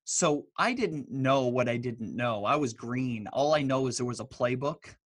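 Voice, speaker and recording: A man, a guest in an interview, telling stories in a loose, animated way full of fillers. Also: medium pitch, unhurried, no echo. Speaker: guest, author and speaker. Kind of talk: casual interview storytelling.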